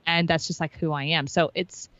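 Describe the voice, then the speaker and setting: A woman's voice: low voice, fairly even intonation, moderate pace, a bit bright, no echo, muffled recording. A woman sales and marketing coach telling her story in an interview, bubbly and emphatic, acting out what others said.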